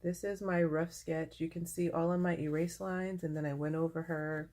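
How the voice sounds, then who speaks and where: A woman's voice: low voice, fairly even intonation, moderate pace, mellow. A woman giving a casual vlog update, gushing and emotional about her work. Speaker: vlogger.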